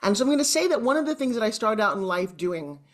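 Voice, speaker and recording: A woman's voice: mid-range voice, fast talker. A woman in her sixties with a Long Island New York accent, a guest on a video call, telling personal stories in an emotional, chatty way. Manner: emotional, chatty, animated storyteller. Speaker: interview guest. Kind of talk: candid personal storytelling.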